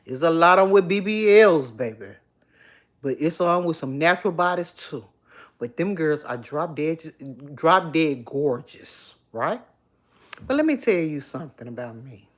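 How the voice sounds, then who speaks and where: A woman's voice: sits low, a bit bright. A middle-aged woman hosting a casual livestream, chatting candidly and reading viewer comments aloud on her phone. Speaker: livestream host. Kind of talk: casual live chat with viewers.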